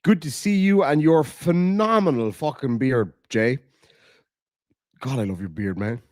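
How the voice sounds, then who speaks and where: A man hosts a loose, rambling livestream, dropping curse words and reading viewer messages aloud. His voice sits at an ordinary middle pitch. The sound is dry and close, with no room echo. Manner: rambling, swears casually, reads out viewer messages. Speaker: livestream host. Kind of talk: casual livestream chat. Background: dogs nearby.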